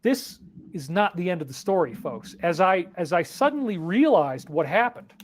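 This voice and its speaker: A man's voice: high voice, big pitch swings, normal speed, a little hiss or hum. A man earnestly telling a dramatic spiritual story about his own experience. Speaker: spiritual speaker. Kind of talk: emotional personal storytelling.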